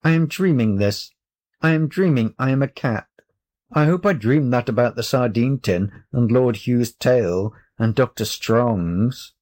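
A man's voice: medium pitch, a little slow, a little mellow, natural voice. A man voicing a headstrong young boy in a storybook, eager and defiant, lifting his voice well above his own. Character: headstrong, indignant young boy turned into a cat.

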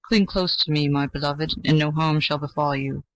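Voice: mid-range voice, steady tone, normal speed, fairly bright tone, no echo, natural voice, low-quality recording. A reader voicing a solemn, protective old oak tree. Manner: solemn, archaic. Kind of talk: storybook reading.

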